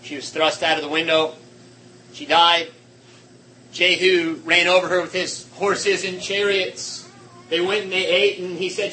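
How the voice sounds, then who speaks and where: Guy preaching fired up, high bright voice, goes from yelling to hushed. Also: level tone, unhurried, slight background noise, rough recording. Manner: impassioned, swinging between shouts and hushed tones. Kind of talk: sermon.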